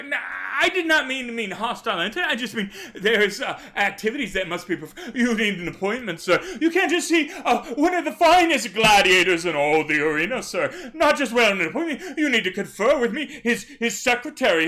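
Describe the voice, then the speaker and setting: A fawning, stammering servant who fusses over every formality, as a man puts him on. His voice sits high and pushes loud, bright and tense. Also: big pitch swings, normal speed, few pauses, heavily acted. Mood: flustered. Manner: nervous, stammering, overly polite. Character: fussy fawning male camp servant, large man.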